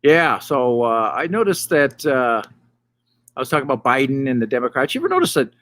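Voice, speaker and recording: A middle-aged man doing a loose, rambling stand-up monologue to camera from a hot tub, with deadpan punchlines. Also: mid-range voice, fairly quick. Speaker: stand-up comedian, host. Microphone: camera mic.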